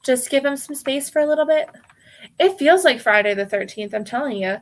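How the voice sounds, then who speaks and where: A woman's voice: sits high, expressive, a little fast. An American woman hosting a live tarot stream, reading viewer names aloud, often laughing and calling people hon. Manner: warm, apologetic, giggly, calls viewers hon.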